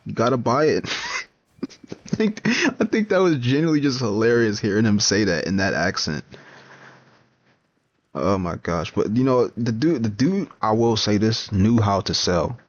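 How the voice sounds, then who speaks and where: A man's voice: lowish voice, expressive, a little slow, pauses often, no echo. A young man chatting casually while he games, rambling, laughing often and trailing off into restarts. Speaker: comics vlogger. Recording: dull lo-fi home recording.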